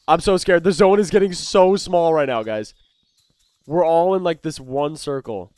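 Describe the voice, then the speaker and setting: A young man giving excited gameplay commentary as a gaming YouTuber, swinging between hushed muttering and loud outbursts. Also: high voice, moderate pace, no room sound.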